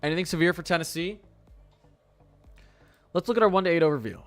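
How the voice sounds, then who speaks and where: A young man hosting a live weather stream, chatting casually and excitably, with lots of "like" fillers. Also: a little high, fast, soft background music. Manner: chatty, excitable, heavy use of "like". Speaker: weather livestream host.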